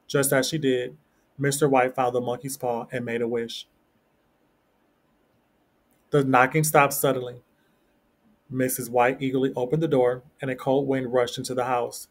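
A man narrating a classic story aloud in a steady, plain reading voice. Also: mid-range voice, normal speed, long pauses. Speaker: story reader.

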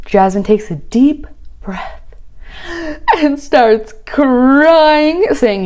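A woman's voice: mid-range voice, animated, extremely slow, a little mellow. A woman hosting a reaction channel, recapping a reality show with sarcastic, exasperated commentary.

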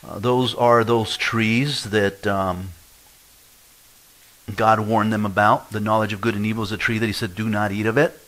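A man's voice: lowish voice, flat delivery, normal speed, fairly bright tone, poor audio. A middle-aged pastor preaching a sermon in a church, telling his own story and acting out the voices of people he quotes. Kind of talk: sermon with personal testimony.

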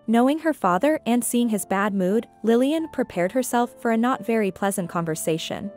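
A woman reading a scripted story aloud as narrator, steady and even. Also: on the high side, moderate pace. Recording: faint background music.

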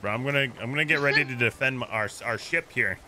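Bright, excitable male game streamer. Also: medium pitch, quick pace, slight background noise. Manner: excitable, laughing, giving crew orders. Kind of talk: casual gaming chat.

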